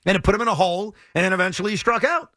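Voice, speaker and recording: A man's voice: high voice, very fast, no room sound, studio quality. A man co-hosting sports talk radio, talking in an exasperated, emphatic way and repeating his points. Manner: animated, exasperated, emphatic repetition.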